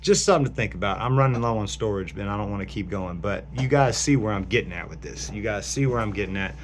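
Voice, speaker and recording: A man's voice: lowish voice, fast talker, slight background noise. A man vlogging into his phone in a rambling, speculative monologue, meandering through fillers and restarts.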